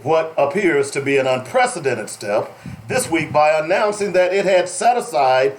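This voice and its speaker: A man hosting a talk radio show in a drawl, his voice sitting somewhat high. He jokes, teases and breaks into laughter as he reads. A faint steady noise runs under the studio mic. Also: normal speed. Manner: joking, laughs often, playful put-on drawl. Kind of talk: casual talk radio banter.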